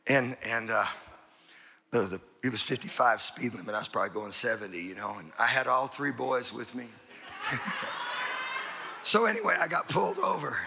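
A man's voice: mid-range voice, expressive, moderate pace, creaky, pauses often, sharp tone, slight background noise. A middle-aged man, a pastor, telling a long folksy story in a sermon, rambling and repeating his words.

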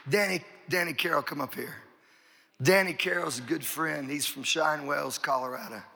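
Middle-aged male pastor, folksy storyteller, gravelly, husky edge. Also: a little high, normal speed, sharp tone. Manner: folksy, rambling, repeats words and says "you know". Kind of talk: storytelling sermon.

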